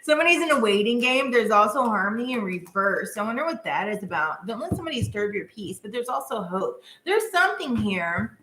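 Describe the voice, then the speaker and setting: A woman's voice: mid-range voice, very animated, a little fast, few pauses, a bit bright, reverberant, a little hiss or hum. A woman doing a live-stream tarot reading in a chatty, casual way, full of filler words and giggles. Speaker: tarot reader.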